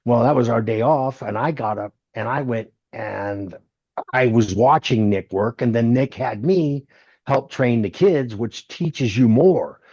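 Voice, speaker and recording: A man in his sixties who tells stories with animation and jumps into other people's voices as he goes. His voice sits at an ordinary middle pitch. The sound is dull and lo-fi, and very dry, with no room around it. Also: measured pace, breathy edge, dry recording. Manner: animated storyteller who acts out others' lines. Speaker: guest, former wrestler. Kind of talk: storytelling interview.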